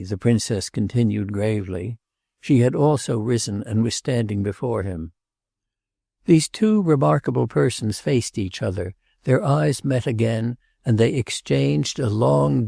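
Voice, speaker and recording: A man narrating a classic novel in a measured, literary audiobook style. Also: mid-range voice, gravelly, dark tone, breathy edge, no room sound, clean studio sound.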